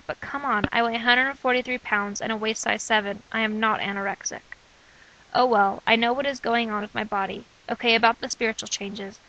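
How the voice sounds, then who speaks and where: A young woman reading aloud from her own diary in an earnest, steady way. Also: on the high side, highs cut off. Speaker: narrator of own testimony.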